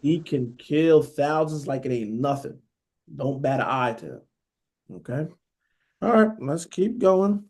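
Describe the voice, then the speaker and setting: A man's voice: fairly high pitch, animated, measured pace, a little mellow. Man preaching casually, checking in constantly. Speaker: Bible teacher. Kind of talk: sermon.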